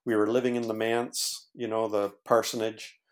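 A man's voice: fairly low pitch, little pitch movement, normal speed. A man, a former pastor, earnestly telling his own story as a podcast guest, with many fillers and restarts. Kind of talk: casual storytelling in conversation.

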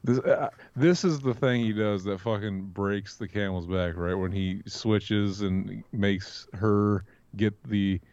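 A man's voice: lowish voice, slow, few pauses, a little mellow, clean tone, no room sound, highs cut off. A man co-hosting a podcast, chatting crudely and with lots of profanity about a film. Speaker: podcast co-host. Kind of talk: casual film-review chat.

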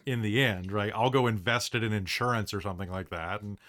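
A man's voice: on the low side, fairly quick, fairly bright tone. A man hosting a casual podcast chat as game master, rambling with lots of fillers and restarts.

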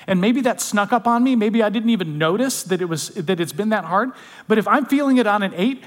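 High-voiced man preaching in a reverberant hall. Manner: conversational, drops to soft intimate tones when quoting comfort. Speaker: pastor. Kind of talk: sermon.

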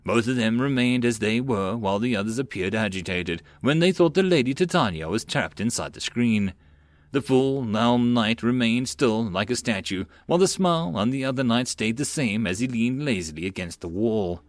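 A man narrating a web novel audiobook in a lively storytelling manner. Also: medium pitch, moderate pace, no echo.

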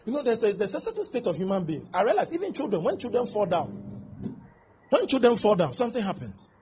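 A man preaching in a high, lively voice, acting out little scenes with cries and laughter. The sound is dull and lo-fi, with a faint hiss behind it. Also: quick pace. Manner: animated, acts out scenes with exclamations and laughter. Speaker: pastor. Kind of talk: sermon.

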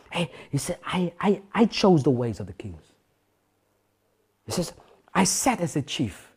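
A man preaching an impassioned sermon, often shouting, then dropping to a hushed intensity. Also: medium pitch, husky.

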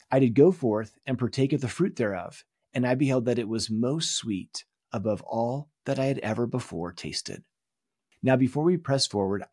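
Man, course instructor, earnest explanatory lecture, mid pitch, husky, dry close recording. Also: a little mellow, no echo. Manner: earnest, explanatory teaching tone with emphatic rises.

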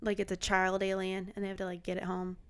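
A woman's voice: medium pitch, fast, smooth, no echo. Chatty joking woman on a dry mic. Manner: animated, joking, lots of "like". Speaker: podcast co-host. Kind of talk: casual chat.

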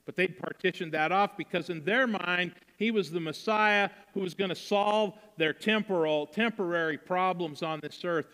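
Bright-voiced man preaching in a hall. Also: sits high, normal speed, hardly any pauses. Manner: conversational preaching, acts out quotes. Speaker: pastor. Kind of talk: sermon.

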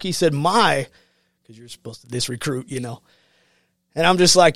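A military veteran talks in a studio interview, his voice a bit higher than most men's. He tells the story loosely with many fillers and acts out what others said. The sound is dry and close. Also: brisk, fairly bright tone, dry recording. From United States. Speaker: guest, Marine veteran.

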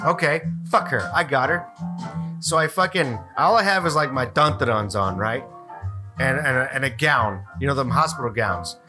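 A man hosting a podcast, telling a rude hospital story in casual, profane talk and acting out his own yelling. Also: medium pitch, normal speed. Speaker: podcast host. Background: music.

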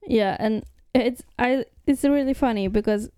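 A woman co-hosting a casual podcast, chatting in a lively way about a comic's story. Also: fairly high pitch, measured pace, smooth, no echo, clean studio sound. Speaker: podcast co-host.

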